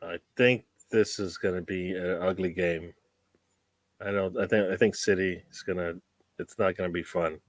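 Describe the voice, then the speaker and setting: Low-voiced man calling out his picks. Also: normal speed, no room sound. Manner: animated, with pushes of loudness on his picks. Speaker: panelist. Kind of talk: casual chat among football fans.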